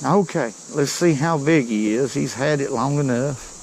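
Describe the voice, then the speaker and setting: Excitable man fishing a creek. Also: mid-range voice, unhurried, a little hiss or hum, rough recording. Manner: excitable, folksy, talks to viewers as he fishes. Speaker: fishing vlogger. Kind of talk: excited outdoor fishing commentary. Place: outdoors by a creek.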